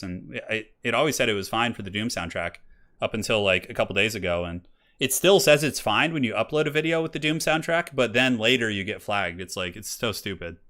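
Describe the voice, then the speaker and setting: A man with a mid-range, slightly bright voice hosts and casts a game tournament stream. His live commentary is casual, chatty, and rambling, with lots of laughter, and faint classical music can be heard behind him.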